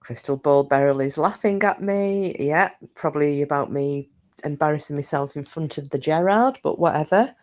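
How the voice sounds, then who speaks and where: A woman's voice: low-pitched, moderate pace, a little mellow, dull audio. A woman hosting a live stream, chatting casually with viewers and telling stories in a chatty, self-mocking way and swearing freely. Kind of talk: casual chat and storytelling with viewers.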